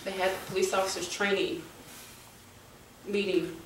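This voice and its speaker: A bereaved middle-aged woman gives public testimony from a lectern at a forum in a community meeting room. Her medium-pitched voice is flat in delivery, earnest and halting at first before turning forceful. The recording is echoey and distant, picked up from across the room with faint noise.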